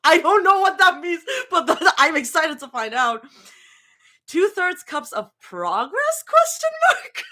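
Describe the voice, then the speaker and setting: A woman's voice: very high voice, very animated, slow pace, bright, forceful tone. A woman reading fanfiction live and chatting with viewers, giggling often and full of casual fillers. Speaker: live-stream fanfiction reader.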